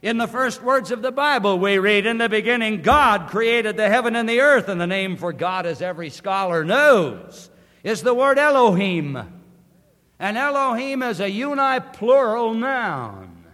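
Slow high-voiced preacher in a hall. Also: male voice, pushed and bright. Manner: emphatic, deliberate preaching with slowed stresses. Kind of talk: sermon. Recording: long hall reverb.

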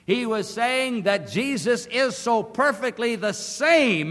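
Slow high-voiced preacher in a hall. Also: male voice, expressive, a bit bright. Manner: emphatic, deliberate preaching with slowed stresses. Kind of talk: sermon. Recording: long hall reverb.

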